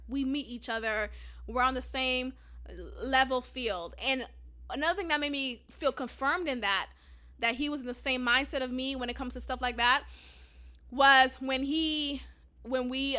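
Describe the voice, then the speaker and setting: A young woman hosting a solo podcast, talking bluntly and profanely, getting animated and breaking into laughter. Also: sits high. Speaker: podcast host. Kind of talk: casual solo podcast monologue.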